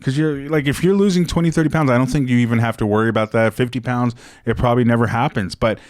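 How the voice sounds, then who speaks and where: A man's voice: medium pitch, steady tone, quick pace, darkish tone, dry recording, clean studio sound. A man co-hosting a podcast in casual chat, explaining things with frequent ums and uhs. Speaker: podcast co-host.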